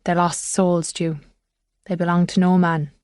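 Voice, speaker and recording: A woman's voice: on the low side, little pitch movement, measured pace, a little mellow, dry recording, lightly acted. A woman voicing a confused older male country vet, distracted and whimsical, in a dry close recording.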